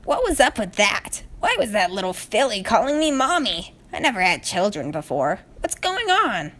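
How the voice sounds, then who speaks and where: A woman's voice: mid-range voice, sing-song, normal speed, fairly bright tone. A woman voicing a bemused pegasus mare. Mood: puzzled. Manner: thinking aloud, bemused. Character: adult female pegasus pony, brisk and kindly.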